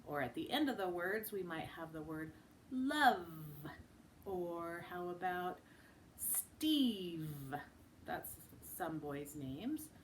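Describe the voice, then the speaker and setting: A woman teaching a children's phonics lesson. She models each sound slowly and with exaggeration, and breaks into sing-song chants. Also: fairly low pitch, very animated, a little hiss or hum. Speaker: speech and language teacher.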